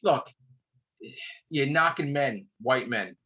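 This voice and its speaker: A man's voice: medium pitch, expressive, takes it slowly, breathy edge, highs cut off. A man in casual chat, ranting with heavy profanity. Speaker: podcast host.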